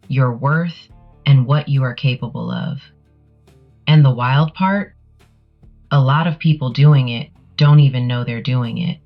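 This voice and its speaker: A woman's voice: a bass voice, dull audio. A woman with a Southern US accent giving a sassy, emphatic commentary monologue to camera. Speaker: channel creator.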